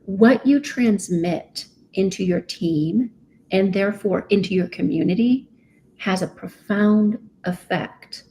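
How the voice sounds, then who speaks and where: A woman's voice: medium pitch, slow pace, warm tone, a little hiss or hum. A woman, a business coach, speaking as a podcast guest in an emphatic way, often asking "right?". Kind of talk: podcast interview.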